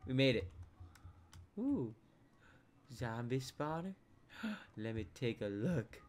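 A young man giving casual commentary over a game he plays, mumbling to himself one moment and shouting the next. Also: medium pitch, a little slow, slight background noise. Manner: excitable, jumps from mumbling to loud outbursts. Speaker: gameplay commentator. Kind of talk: casual let's play commentary.

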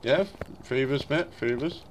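A man's voice: mid-range voice, a little fast. A young British man streaming a ghost-hunting game with friends, swearing freely and calling everyone mate. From Britain. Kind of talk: casual gaming stream chat.

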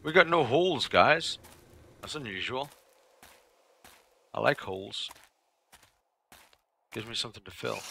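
A man's voice: medium pitch, animated, a little slow, creaky, pauses often, background noise. A man streaming a game live, chatting casually with his viewers in a rambling way that repeats itself.

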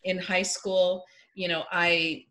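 A woman's voice: lowish voice, little pitch movement, takes it slowly, pushed and bright. An older woman on an online panel, speaking reflectively and conversationally over a video call. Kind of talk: casual panel discussion.

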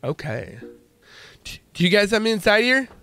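A man hosting a gaming channel, commenting excitably and joking as he plays. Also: high voice, normal speed, soft background music. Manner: excitable, jokey, exclaims and laughs often. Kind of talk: let's play commentary.

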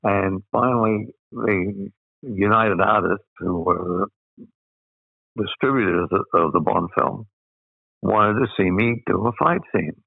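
Speaking slowly in a fairly low voice with vocal fry and a breathy edge, an older Australian man shares rambling anecdotes as an interview guest. He uses lots of "uh" fillers and laughs, recorded dry with narrow, tinny audio.

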